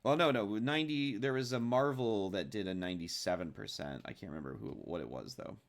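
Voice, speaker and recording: A man's voice: fairly low pitch, brisk. A man co-hosting a casual film podcast, rambling and restarting his phrases as he talks. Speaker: podcast co-host.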